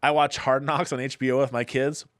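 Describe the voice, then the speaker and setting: A man's voice: medium pitch, brisk, dry recording, clean studio sound. Chatty middle-aged man telling stories. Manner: chatty storyteller, animated, swearing. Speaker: podcast co-host. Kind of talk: casual chat.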